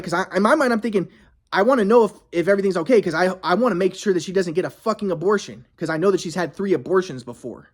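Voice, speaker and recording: A man's voice: high-pitched, expressive, quick pace. A man telling a personal story in a rambling, emphatic, profane way. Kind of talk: casual storytelling monologue.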